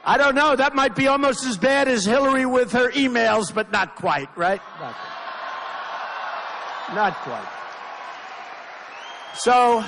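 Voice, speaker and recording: A political candidate gives a rambling, repetitive speech at a large rally, tossing emphatic asides to the crowd. His voice sits on the high side and sounds a bit bright, with the long reverb of a big hall.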